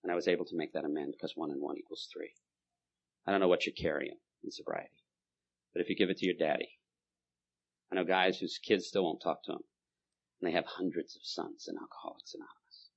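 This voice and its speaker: A man's voice: low-pitched, fairly even intonation, quick pace, vocal fry, long pauses, highs cut off. A man giving a personal testimony at a recovery meeting, telling his story in punchy bursts with repeated phrases.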